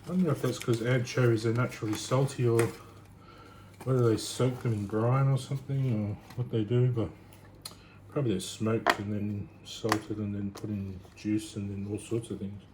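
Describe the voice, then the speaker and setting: A man chatting casually while cooking in his home kitchen, rambling and thinking out loud. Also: on the low side, little pitch movement, normal speed. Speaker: home cook vlogger. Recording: noisy home recording.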